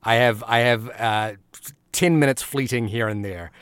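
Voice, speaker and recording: A man's voice: medium pitch, normal speed, fairly bright tone, clear, resonant tone, dry recording. A man co-hosting a movie podcast while ill at home, speaking casually and hesitantly with many fillers. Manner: hesitant, full of "uh"s. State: ill, in isolation. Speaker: podcast co-host. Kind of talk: casual chat.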